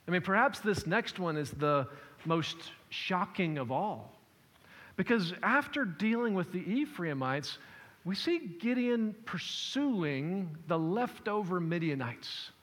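A man's voice: high voice, a bit bright. A man preaching a sermon as pastor, shifting his emphasis and acting out quotes as he explains a passage. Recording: long hall reverb.

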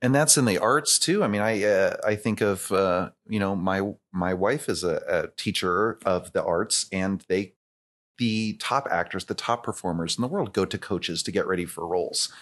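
Guy hosting a chat, really deep voice, keen and agreeing. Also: moderate pace, fairly bright tone. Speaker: interview host. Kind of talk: conversational interview.

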